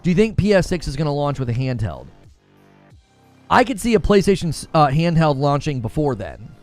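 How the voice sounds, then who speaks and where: A man's voice: fairly high pitch, very animated, brisk, darkish tone, soft background music. A man hosting a live gaming-news stream, talking emphatically, often stumbling and repeating himself, and reading chat questions aloud. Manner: emphatic, repetitive, stumbles over words.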